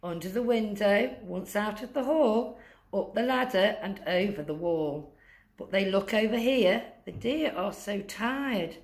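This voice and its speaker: A woman reading a rhyming picture book aloud for children. She takes it slowly and deliberately, leaning into the rhythm of each line, with a mid-range voice. Sound-effect words drop low and soft. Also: animated. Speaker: masked guest reader.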